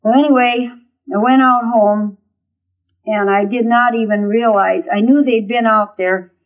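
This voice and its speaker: A woman's voice: a little high, fairly even intonation, unhurried, lo-fi sound. An older woman, telling her own story in a plain, folksy way, full of uh fillers and acted-out dialogue. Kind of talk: spoken personal testimony.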